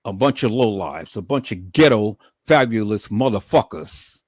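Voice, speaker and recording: His voice sits on the low side with lively intonation and a moderate pace, recorded dry and studio-clean. The middle-aged man angrily rants on stream, cursing freely, stumbling over repeated words, calling viewers "peoples" and swinging to loud outbursts.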